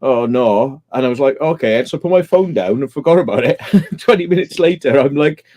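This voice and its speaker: A man's voice: medium pitch, expressive, a little fast, dark tone. A man in a casual late-night stream chat, rambling through crude jokes and laughing often.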